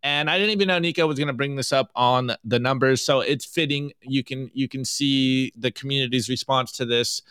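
A man co-hosting a casual podcast, reviewing memes with animated, jokey delivery and frequent laughs. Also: mid-range voice, a little fast, few pauses, smooth, no echo, clean studio sound. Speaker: co-host.

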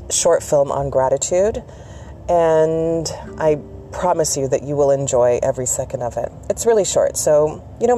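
Mellow-voiced Canadian woman vlogger. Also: sits low, slight background noise. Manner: warm, encouraging, chatty with small asides. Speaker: self-care vlogger and host. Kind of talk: casual motivational talk.

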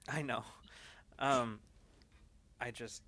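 A man voicing an anxious young woman co-pilot who speaks quietly, haltingly and apologetically. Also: medium pitch, steady tone, creaky, heavily acted. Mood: uneasy.

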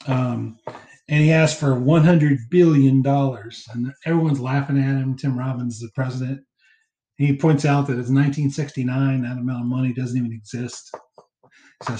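A man hosting a casual movie commentary chat, rambling through scene recaps with fillers and quick laughs. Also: mid-range voice, steady tone, darkish tone, reverberant, low-quality recording. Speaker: podcast co-host.

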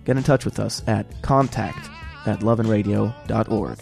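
A man's voice: fairly low pitch, normal speed, creaky, darkish tone, faint music behind. A man hosting a radio show, reading the closing credits in a wry, irreverent way.

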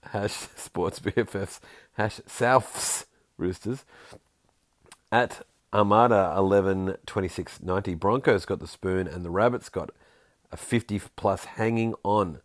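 A man hosting a podcast in a casual, jokey way, reading listener tweets aloud with quick asides. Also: lowish voice, no room sound, clean studio sound. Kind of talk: casual chat.

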